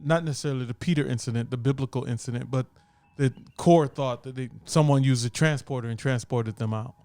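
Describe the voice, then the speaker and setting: A man's voice: mid-range voice, warm tone, no room sound. Man, podcast co-host, casual chat, plot recaps, dry recording. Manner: laid-back, recaps plot and jumps into quick impressions.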